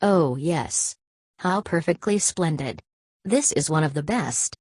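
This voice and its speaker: A man's voice: on the high side, animated, slow, a little mellow, slightly rough, no echo, exaggerated voice. A woman reading an audiobook, voicing a tipsy, giggling young man who squeals and hiccups. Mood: tipsy, gushing.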